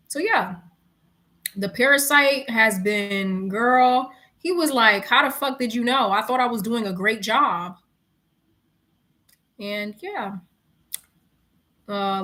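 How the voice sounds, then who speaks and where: Slightly high-voiced, a young woman streamer from New York recounts a story in laid-back conversation. Her New York accent carries slangy, animated phrasing, and she laughs a lot along the way.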